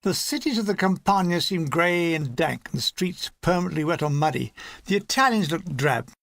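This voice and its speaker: A man reading a war memoir aloud as an audiobook narrator, lively and animated, slipping into character voices. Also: fairly high pitch, normal speed, gravelly, dry recording. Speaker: audiobook reader.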